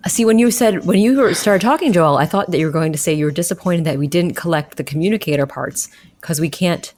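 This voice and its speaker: A woman co-hosting a podcast, chatting casually and cheering the others on with quick gasps and little replies. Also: lowish voice, a little mellow, a little hiss or hum. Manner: encouraging, quick gasps and back-channel. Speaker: podcast co-host. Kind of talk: casual chat about a video game.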